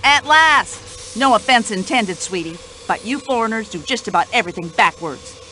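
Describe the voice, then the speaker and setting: A woman's voice: a little high, expressive, normal speed, bright, forceful tone, a little hiss or hum, rough recording. A woman voicing a talkative, indignant older widow in a radio play, speaking. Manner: indignant, chatty, complaining.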